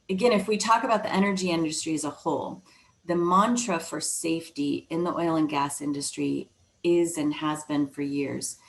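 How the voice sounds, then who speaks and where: Low, gravelly woman giving a webinar talk. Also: rough recording. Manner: conversational, frequent um fillers and restarts. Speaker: webinar speaker on leadership. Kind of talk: presentation talk.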